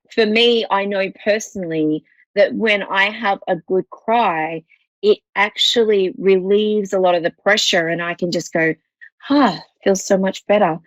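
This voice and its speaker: A woman's voice: lowish voice, no room sound, highs cut off. A woman with an Australian accent hosting a psychic call-in show, talking in a rambling, reassuring way with many restarts. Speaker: psychic medium host.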